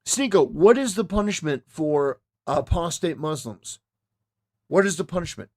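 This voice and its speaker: A man's voice: a little high, lively intonation, normal speed, husky. A man hosting a reaction commentary, talking back at a clip with mocking, indignant remarks. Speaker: commentary host.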